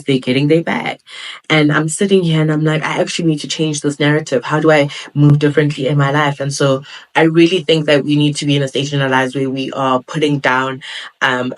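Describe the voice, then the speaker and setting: A woman's voice: sits low, low-quality recording. Young woman from southern africa, solo podcast host, earnest pep-talk vibe. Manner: earnest, motivational, with playful quoted asides.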